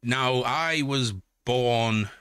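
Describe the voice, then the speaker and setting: A man's voice: medium pitch, drawn-out words, a bit bright, clear, resonant tone, no room sound, clean studio sound. A man with a Yorkshire accent, chatting casually on a live stream, joking and swearing as he reads out chat messages. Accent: Yorkshire (Hull). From Yorkshire, England.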